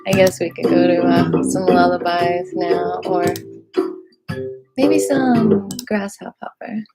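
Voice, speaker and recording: A woman's voice: lowish voice, fairly even intonation, takes it slowly, gravelly, over loud music. A woman hosting a live online qigong class, explaining in a loose, chatty way and inviting viewers to comment. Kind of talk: casual live-stream teaching.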